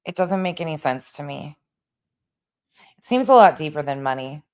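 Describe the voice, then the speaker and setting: A woman's voice: low voice, lively intonation, normal speed, darkish tone, clean tone. A woman hosting a livestream commentary, frustrated and searching for words. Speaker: commentary host.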